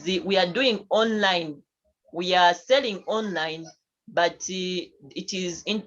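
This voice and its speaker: Lower-voiced woman lecturing, muffled. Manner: repetitive, many fillers and tag questions. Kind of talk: recorded university lecture. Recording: dull lo-fi recording.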